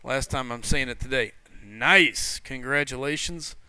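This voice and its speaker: Bright, chatty gaming streamer man. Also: medium pitch, unhurried, clean tone, dry recording. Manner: chatty, greets viewers and reads chat messages aloud; loose and rambling, with frequent fillers and self-corrections. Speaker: gaming livestream host. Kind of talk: casual livestream chat.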